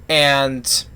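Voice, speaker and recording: A man giving a casual spoken movie review, retelling the plot in a rambling, halting way full of restarts. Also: mid-range voice, sharp tone, clear, resonant tone.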